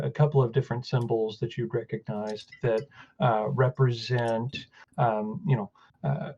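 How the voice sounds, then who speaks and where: Slow, halting man narrating as game master. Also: medium pitch, dark tone, lo-fi sound. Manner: halting, full of fillers and restarts.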